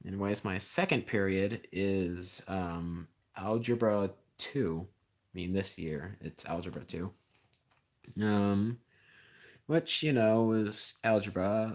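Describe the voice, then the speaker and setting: Rambling teen guy streamer. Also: fairly low pitch. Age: teens. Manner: rambling, sarcastic, frequent ums; gets loud and heated when ranting. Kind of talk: casual livestream chat.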